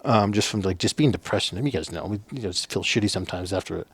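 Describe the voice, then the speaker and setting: Middle-aged guy from the navajo rez, lowish voice, rambly, swears a lot, dry sound. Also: fast, breathy edge, no echo. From Navajo reservation, United States. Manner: rambling, lots of fillers and cursing. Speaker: podcast guest, former soldier. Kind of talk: casual storytelling.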